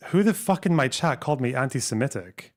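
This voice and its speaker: A man's voice: mid-range voice, lively intonation, a little fast. A man streaming and reacting to a clip, combative, profane and sarcastic. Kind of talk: live stream reaction commentary.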